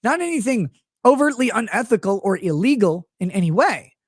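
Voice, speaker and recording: A man ranting as a show host, crude and sarcastic, his pitch swinging widely as he mocks people. The sound is dry and close, with no room behind it. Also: sing-song, brisk, no echo. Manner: slips into mocking impressions of others. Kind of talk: profane live-stream rant.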